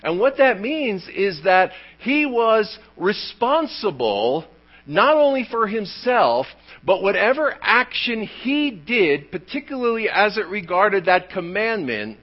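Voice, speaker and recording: A man preaches with emphatic, animated delivery, piling up rhetorical questions. His voice sits somewhat high and swings widely in pitch. The recording is dull and lo-fi. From United States. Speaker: pastor. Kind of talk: sermon.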